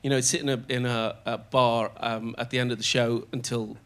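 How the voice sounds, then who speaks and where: An older man telling show-business anecdotes as a guest on stage, animated and often laughing as he slips into other people's voices. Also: medium pitch, fairly quick, smooth. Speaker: comedian guest. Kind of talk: storytelling anecdotes in conversation. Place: on stage in a theatre before a live audience.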